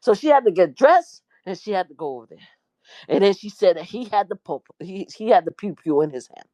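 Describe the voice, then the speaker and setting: A middle-aged woman in media talks fast, casually breaking down a trial story in slangy, animated language and jumping into high voices for quotes. The recording is dry.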